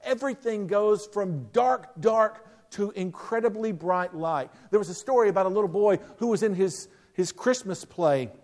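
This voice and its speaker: A man from the United States preaching a sermon, telling stories with emphatic rises and soft, quiet drops. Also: sits high, normal speed, few pauses. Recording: long reverb of a large hall.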